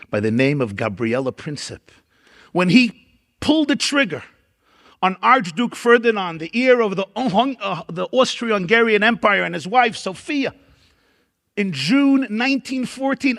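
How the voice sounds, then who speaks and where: Brooklyn-accented man giving a high-pitched lecture. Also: expressive, a little slow, gravelly, fairly bright tone. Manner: dramatic oratory, emphatic repeated lists. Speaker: rabbi giving a keynote lecture. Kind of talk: keynote lecture. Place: large event hall at a dinner.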